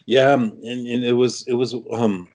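A man's voice: medium pitch, fairly even intonation, normal speed, darkish tone. A middle-aged man from Canada, an interview guest, telling a story casually with many restarts and fillers.

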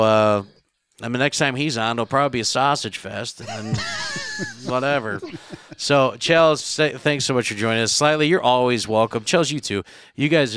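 A man's voice: on the low side, a bit bright, clear, resonant tone. A man hosting a casual livestream. He rambles with lots of fillers and says he is losing his voice. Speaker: livestream host.

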